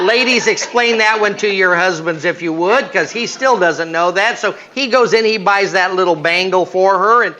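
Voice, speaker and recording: A man leads a marriage seminar in a church, telling stories with a bright, forceful voice that sits a little high for a man. He is animated and keeps acting out what husbands and wives say to each other. The recording is dull and lo-fi. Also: moderate pace, hardly any pauses. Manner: animated, acts out husband and wife dialogue. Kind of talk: humorous storytelling talk. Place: church hall.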